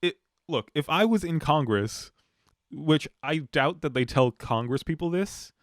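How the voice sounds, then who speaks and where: A man's voice: a little high, lively intonation, unhurried, no room sound, studio quality. Joking, profane young man on a podcast. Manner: jokey, profane, does mocking voices of politicians. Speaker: podcast co-host. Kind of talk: casual banter.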